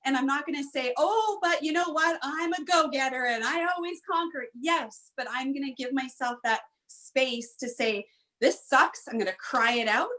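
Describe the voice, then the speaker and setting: A woman's voice: a little high, sharp tone. A woman guest on a podcast, an author and speaker, talking earnestly and emphatically, telling a story with repetition. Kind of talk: motivational interview talk.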